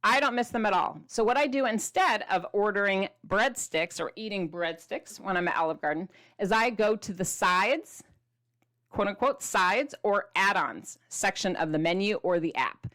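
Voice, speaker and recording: A woman's voice: mid-range voice, animated, moderate pace, a bit bright. A middle-aged woman hosting a casual food vlog, chatty and playful, showing food to the camera with the odd dramatic whisper. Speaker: keto diet author and host.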